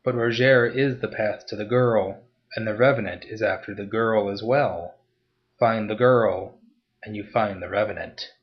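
A man voicing a calm, mysterious masked nobleman who speaks in a formal, measured way. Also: fairly low pitch, lo-fi sound, natural voice. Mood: cool, persuasive.

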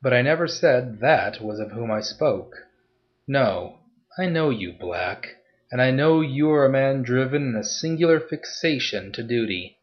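A man voicing a calm, mysterious masked nobleman who speaks in a formal, measured way. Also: mid-range voice, highs cut off, lightly acted. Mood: cool, persuasive.

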